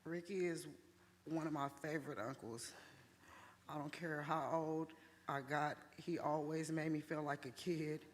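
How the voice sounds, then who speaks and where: A woman's voice: low voice, fairly even intonation, unhurried. Woman giving a short earnest tribute. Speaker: family member giving a tribute. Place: funeral home chapel. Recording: long hall reverb.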